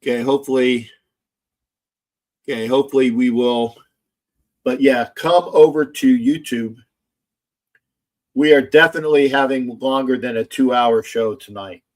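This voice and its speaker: A man hosting a casual sports livestream, loud, gloating and profane, repeating himself often. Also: medium pitch, fairly even intonation, unhurried, long pauses. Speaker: livestream host.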